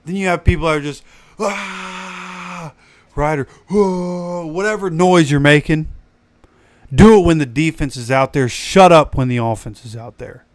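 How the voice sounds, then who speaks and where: A man's voice: a little high, fairly quick, no room sound. A man hosting a fan livestream, ranting animatedly and preaching straight at his viewers, his voice still recovering after he lost it. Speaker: fan channel host. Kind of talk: casual livestream rant.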